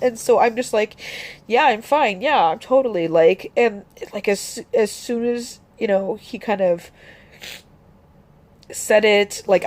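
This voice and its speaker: A young woman talking about her grief in a personal vlog, halting, with many restarts and fillers. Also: mid-range voice, a little mellow. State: grieving, voice dropping soft. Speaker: vlogger.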